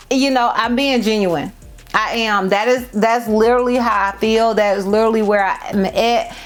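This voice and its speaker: Getting ready on camera, a woman in her thirties tells her audience a heartfelt personal story, repeating lines for emphasis. The beauty vlogger speaks at normal speed in a higher voice, calling viewers "y'all" and "girl," with faint music in the background.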